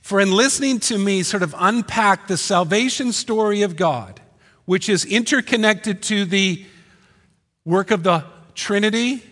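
A man preaching a sermon as pastor, animated and punchy, firing rhetorical questions at the congregation. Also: sits high, measured pace. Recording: long hall reverb.

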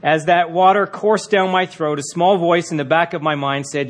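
A man with a somewhat high voice leads a marriage class. He talks in a relaxed, conversational way, with small fillers and restarts, and shifts into reading longer passages aloud. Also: moderate pace, hardly any pauses. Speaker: marriage course teacher. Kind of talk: teaching talk with read-aloud passages.

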